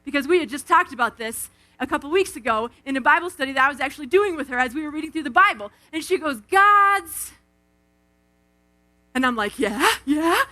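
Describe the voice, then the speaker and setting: Very high, bright-voiced woman preaching. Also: fast talker, few pauses. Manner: animated, acts out quotes, calls on the crowd. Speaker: speaker at a live Christian event. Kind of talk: energetic devotional talk with storytelling. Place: outdoor event stage.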